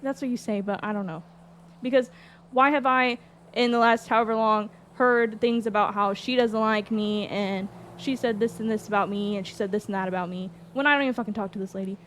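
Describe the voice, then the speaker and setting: A woman telling a story in casual chat, animated and exasperated, swearing often. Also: medium pitch, brisk, a little hiss or hum. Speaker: streamer recounting a roleplay.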